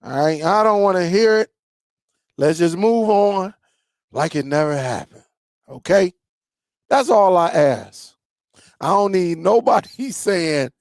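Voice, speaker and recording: A man vents to his viewers in a high voice, repeating himself as he grumbles. The sound is dry and close to the mic. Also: a little slow, long pauses, no room sound. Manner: animated, repeats himself, grumbling football rant. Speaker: tech channel host. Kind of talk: casual ranting to viewers.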